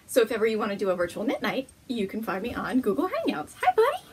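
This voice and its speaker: A woman's voice: fairly high pitch, very animated, fast, background noise. A woman hosting a knitting podcast, chatting casually at home to the camera, bubbly and gushing, laughing often.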